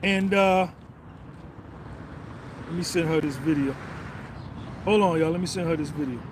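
A man's voice: fairly high pitch, a little slow, background noise. A man hosting a casual livestream outdoors, hyped and boastful, switching into a pushy coaching tone. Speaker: livestream host.

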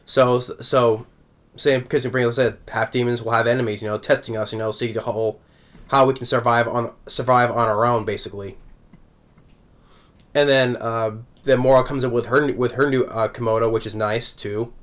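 A man's voice: mid-range voice, steady tone, normal speed, fairly bright tone. A man recapping an anime episode in a casual, rambling way, chuckling often between thoughts. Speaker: anime reviewer.

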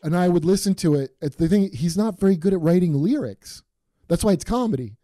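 A man hosting a comedy podcast, talking in a rambling, blunt way with quick asides. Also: sits high, lively intonation, dark tone. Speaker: podcast host. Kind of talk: casual comedy podcast chat.

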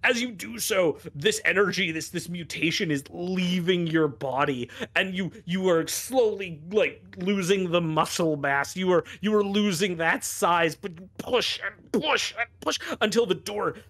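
A man's voice: high-pitched, measured pace, hardly any pauses, a bit bright. A man narrating as game master of a tabletop game, rambling and descriptive with many fillers.

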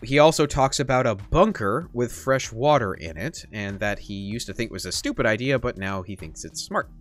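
A man's voice: medium pitch, lively intonation, moderate pace. A man hosting a gaming channel, giving playful, joking gameplay commentary in a chatty way.

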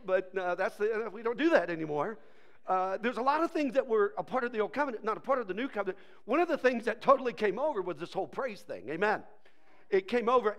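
A man's voice: high-pitched, fairly bright tone. A man preaching a sermon as pastor, joking and acting out playful voices.

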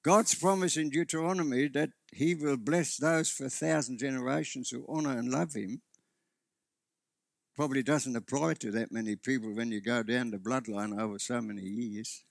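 Male pastor, gravelly, earnest sermon delivery, restarts mid-sentence. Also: medium pitch, normal speed, dry recording, clean studio sound. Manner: earnest preaching with frequent restarts. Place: church.

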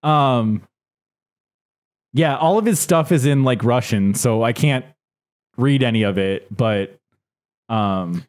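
A man's voice: mid-range voice, expressive, slow, pauses often, a little mellow. A young man co-hosting a podcast, chatting casually and rambling with lots of restarts and fillers. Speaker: podcast co-host. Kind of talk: casual chat.

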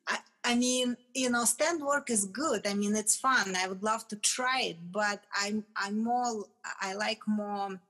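Woman, English, mid-pitched voice, frequent restarts, casual interview guest. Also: a little slow. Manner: animated, restarts often, laughs between phrases. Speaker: guest, retired fitness champion.

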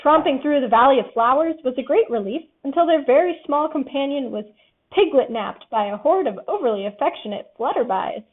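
Expressive woman reading a storybook. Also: high voice, a little fast. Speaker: storybook reader. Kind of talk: storybook narration. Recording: tinny phone-like audio.

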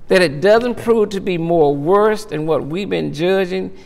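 A middle-aged pastor with a high-pitched voice and vocal fry teaches a Bible study at normal speed, barely pausing. He's emphatic, repeating his words and swelling into impassioned peaks, all with the long reverb of a large hall.

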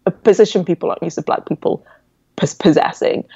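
Animated English-accented young woman. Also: lowish voice, fairly quick, creaky, husky, no room sound. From born in Nigeria, raised in England. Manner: animated, reflective storytelling. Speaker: podcast guest. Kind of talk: casual interview chat. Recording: dull, dry lo-fi audio.

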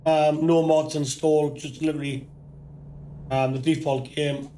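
A man with a Geordie accent hosting a casual game commentary, his voice croaky from flu, talking in a relaxed, rambling way with many ums. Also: fairly high pitch, measured pace, a little hiss or hum. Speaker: gaming channel host.

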